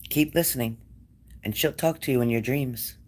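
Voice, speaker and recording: A man giving a spirit-medium reading to a client, gentle and coaxing, repeating his phrases. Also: medium pitch, moderate pace. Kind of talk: reassuring psychic reading to a client.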